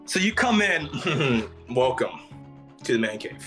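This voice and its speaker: A man's voice: medium pitch, very animated, slow, fairly bright tone, soft background music. A young man giving a casual, crude, joking house tour.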